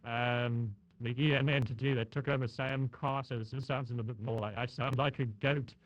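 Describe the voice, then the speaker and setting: A man's voice: medium pitch, steady tone, normal speed, no echo, dull audio, voice pushed down. A man on a live stream testing a voice changer that gives him a bleating, goat-like tone. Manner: fiddly, testing settings aloud.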